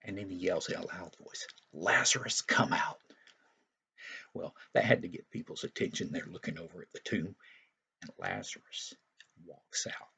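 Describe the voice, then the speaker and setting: Male Sunday school teacher, low, gravelly voice, folksy storyteller who explains as he goes. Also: moderate pace, a bit bright. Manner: folksy and explanatory, with frequent asides. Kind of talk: retelling a Bible story for young children.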